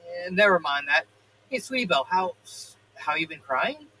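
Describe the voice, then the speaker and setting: A man's voice: sits high, lively intonation, moderate pace, pushed and bright, slightly rough, heavily acted, rough recording. A man reading as a brash tomboy filly. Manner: cocky and jumpy.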